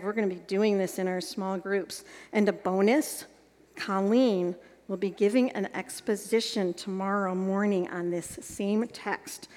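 A woman's voice: medium pitch, long reverb tail. A woman leading an evening workshop on teaching the Bible, guiding the group and checking with questions as she goes.

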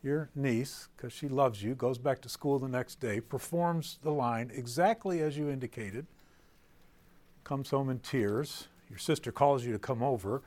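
A middle-aged man teaching preachers in a playful live talk, quizzing the audience and swinging between loud and soft delivery. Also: medium pitch, a little slow.

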